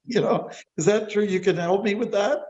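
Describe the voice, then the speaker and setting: A man's voice: high-pitched, normal speed, a little mellow, dull audio, voice pushed up, lightly acted. A man voicing a cranky, restless little fish in a told fable, whining, then eager to lead.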